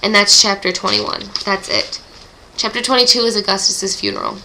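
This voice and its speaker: A teenage girl chats through a chapter recap for her book club vlog, emotional and gushing, letting out groaning sighs. Her voice is bright and forward, with a lot of vocal fry at the ends of phrases. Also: mid-range voice, very animated, moderate pace, slight background noise, low-quality recording.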